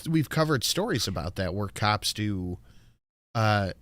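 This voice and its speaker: A man's voice: on the low side, lively intonation, measured pace, fairly bright tone, dry recording. A man hosting a live-stream podcast, telling stories in a loose, profane way with lots of fillers. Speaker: podcast host. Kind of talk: casual live-stream chat.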